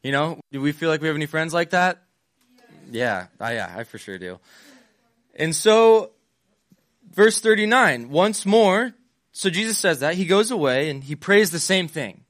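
A man's voice: a little high, animated, unhurried, fairly bright tone, no echo, studio quality. A young man giving a casual sermon, retelling Bible scenes in modern slang and playing the parts.

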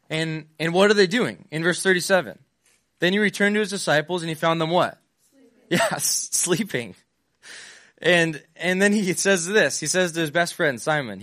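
A man's voice: a little high, a bit bright, no room sound, clean studio sound. A young man giving a casual sermon, retelling Bible scenes in modern slang and playing the parts.

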